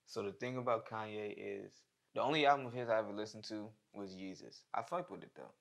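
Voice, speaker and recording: A young rapper talks in a low, laid-back voice, full of slang. His lines often fade away softly. The conversation stays loose and unhurried. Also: gravelly. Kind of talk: casual chat.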